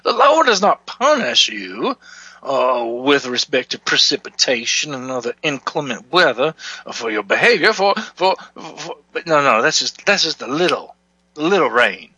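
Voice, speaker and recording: Comic televangelist preacher, fire and brimstone, played by a man, lively swooping voice. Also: normal speed, slightly rough, dry recording, highs cut off, full character voice. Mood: preachy. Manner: preachy, booming, asks for donations. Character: bombastic fire-and-brimstone male televangelist pastor. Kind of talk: parody sermon banter.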